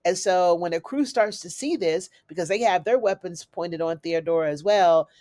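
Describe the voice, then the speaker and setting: A woman giving a chatty, animated recap of a TV episode, calling her listeners "honey" and "y'all". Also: lowish voice, normal speed, no room sound, clean studio sound. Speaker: recap host. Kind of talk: casual TV recap.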